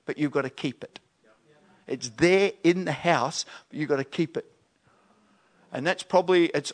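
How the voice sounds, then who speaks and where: Animated man preaching. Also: on the high side. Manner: animated, acts out voices and questions. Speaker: pastor. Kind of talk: conversational sermon.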